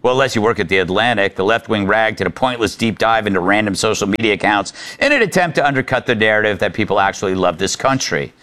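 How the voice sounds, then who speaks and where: A male talk show host with a lively, swinging delivery. He sounds sarcastic and mocking as he gives his opinions, and his voice rises and falls widely. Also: on the low side, fast talker, hardly any pauses.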